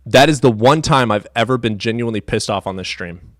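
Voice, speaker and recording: A man from the US Midwest live streaming, chatting in a profane, animated way that swings between loud outbursts and low mutters. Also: brisk, no echo, clean studio sound. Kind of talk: casual livestream chat.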